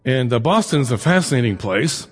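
A man's voice: medium pitch, lively intonation, moderate pace, husky, long reverb tail, soft background music. A middle-aged man giving a conversational lecture, full of anecdotes, asides and rhetorical questions. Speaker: lecturer on the Bible and immigration.

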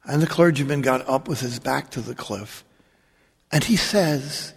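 A Catholic priest tells wry, joking stories to an audience. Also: male voice, medium pitch, measured pace, creaky, husky. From New York. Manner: wry, joking, animated storyteller. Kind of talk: humorous storytelling talk. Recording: long reverb of a large hall.

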